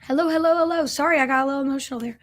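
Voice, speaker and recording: Earnest, chatty woman with a high voice. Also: very fast. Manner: chatty and earnest, with frequent fillers and restarts; reads and answers viewer comments. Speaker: business coach hosting a livestream. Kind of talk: casual livestream sales pitch.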